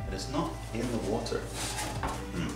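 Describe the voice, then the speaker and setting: A man's voice: medium pitch, expressive, moderate pace, distant mic. A man vlogging his screen-printing work in a casual, chatty way, thinking aloud and adding playful sound effects. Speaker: maker vlogger. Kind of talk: casual workshop narration. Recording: roomy sound with music behind.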